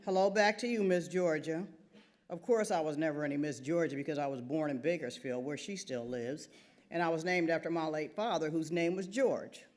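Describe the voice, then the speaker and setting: A woman's voice: low voice, a little fast, a little mellow. A woman author reading her own first-person novel aloud at a theater event, wry and conversational.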